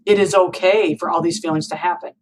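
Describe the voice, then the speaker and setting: A woman's voice: fairly low pitch, fairly even intonation, fast, a little mellow, a little hiss or hum, poor audio. A woman in her forties, speaking as a guest on an interview show. She tells a personal story earnestly, with open emotion. She keeps the talk conversational and checks in with her listener by asking "right?" and "you know?".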